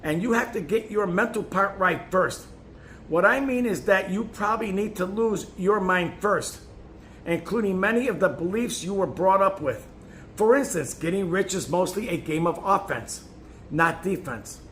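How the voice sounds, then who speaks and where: A man with a high voice reads a self-help booklet aloud and pushes hard on key points. He trips and restarts now and then, and a faint hiss sits under the voice. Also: normal speed, fairly bright tone. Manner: emphatic, with occasional stumbles and restarts. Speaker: narrator.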